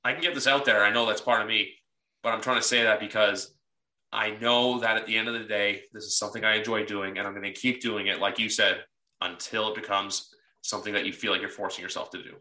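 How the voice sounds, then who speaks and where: A man from Canada hosting a podcast, talking in a slow, reflective, casual way. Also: lowish voice, steady tone, bright, forceful tone. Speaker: podcast host. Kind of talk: casual chat. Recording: roomy echo.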